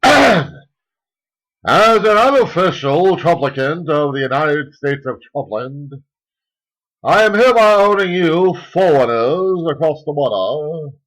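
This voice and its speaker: A man's voice: on the high side, a bit bright, pitched above the performer's own voice, poor audio. A man putting on a pompous, ranting zealot. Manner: pompous, bombastic proclamations. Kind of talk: satirical comic rant to camera.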